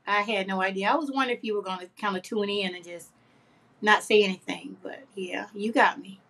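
A woman's voice: mid-range voice, steady tone, brisk, vocal fry, fairly bright tone. A woman hosting a craft livestream, chatting casually and affectionately with viewers, reading their comments aloud and laughing often.

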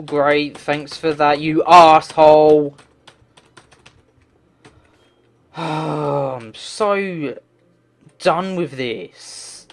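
A man doing game commentary, talking to himself and swearing in frustration as he plays. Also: a little high. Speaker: let's play gamer.

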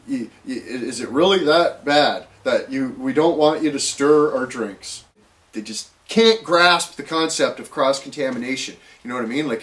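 A man's voice: a little high, a bit bright. A man ranting casually to camera, rambling and profane, full of fillers and restarts. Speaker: vlogger.

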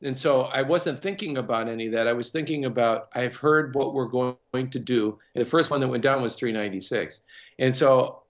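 A man's voice: mid-range voice, brisk. A man who works as a music producer and composer, telling a personal story in a casual interview and acting out other people's lines as he goes.

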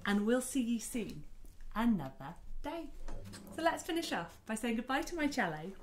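A woman telling a story to toddlers, animated and sing-song, clapping and singing along. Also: on the high side, moderate pace, a little hiss or hum. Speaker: children's storyteller. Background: soft cello.

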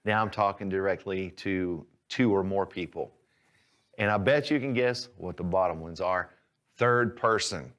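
A man teaching a language lesson, explaining patiently and clearly, step by step. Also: low-pitched, measured pace, a bit bright. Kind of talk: instructional lesson.

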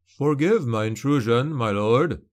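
A man voicing a cunning male steward who speaks in a quiet, measured, cautioning tone. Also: mid-range voice, close to an everyday voice. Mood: solemn. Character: cunning middle-aged male steward, calm and warning.

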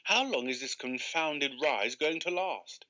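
A man voicing an excitable gentleman angler who exclaims and grows indignant. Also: fairly high pitch, a little slow. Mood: exasperated.

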